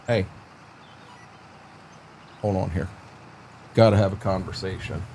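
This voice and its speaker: A man's voice: deep voice, wildly swooping pitch, takes it slowly, a little hiss or hum. Rambling folksy man streaming a farm game. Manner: rambling, folksy, talks to chat and his dog. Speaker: livestreamer. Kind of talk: casual livestream chat while gaming.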